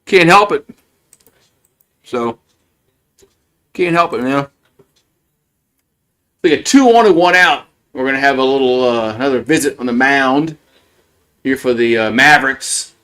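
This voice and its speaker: A man doing casual live play-by-play, rambling between pitches, repeating words and chuckling often. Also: a little slow, long pauses, a bit bright.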